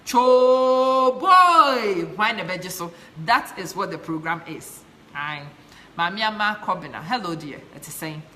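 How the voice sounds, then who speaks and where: A woman's voice: fairly low pitch, normal speed, bright, forceful tone. A woman from Ghana with a Ghanaian accent, passionately hosting a live stream, chatting and reading out viewer comments while mixing English and Twi. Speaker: live show host.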